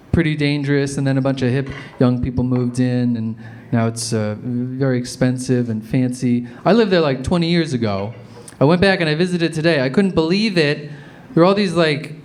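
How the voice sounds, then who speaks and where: A man doing a stand-up comedy set in a deadpan storytelling manner that bursts into loud shouts now and then. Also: a little high. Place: comedy club stage before a live audience. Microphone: handheld stage mic. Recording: live club recording with crowd laughter. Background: audience laughter.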